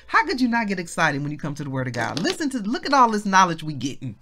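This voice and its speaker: A woman leads a scripture devotional. Her voice rises and falls in a very animated way. She repeats key phrases, exclaims and asks her listeners questions as she teaches. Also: fairly low pitch, fast talker, hardly any pauses, slight background noise. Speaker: ministry leader teaching scripture.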